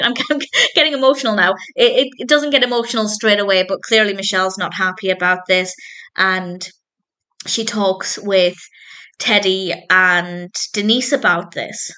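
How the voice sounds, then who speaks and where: A woman's voice: mid-range voice, bright, forceful tone. A woman reviewing a TV episode in a casual, enthusiastic way, laughing often and getting emotional. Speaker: film and TV reviewer.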